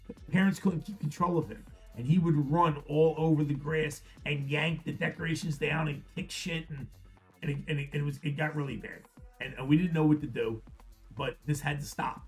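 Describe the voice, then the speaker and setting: A man's voice: a little high, steady tone, normal speed. A middle-aged man with a Philadelphia accent, telling a rambling story on a livestream, swearing freely and often restarting his sentences. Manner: rambling, profane, frequent restarts. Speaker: card break host. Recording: faint music behind.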